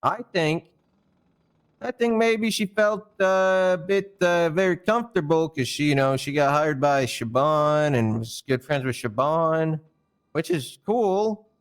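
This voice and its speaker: A man with a somewhat high-pitched voice vents during a roleplay session. His telling is rambling and full of stammered restarts and casual swearing. He sounds indignant and worked up throughout. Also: unhurried, clear, resonant tone. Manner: fired-up and indignant. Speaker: roleplayer explaining a firing. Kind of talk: heated storytelling in a roleplay stream.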